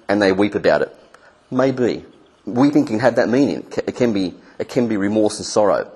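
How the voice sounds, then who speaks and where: A man preaching a sermon who walks his listeners through a hands-on exercise and jumps into angry voices to act out the people he describes. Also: slightly rough. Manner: acts out angry voices with sudden pitch jumps.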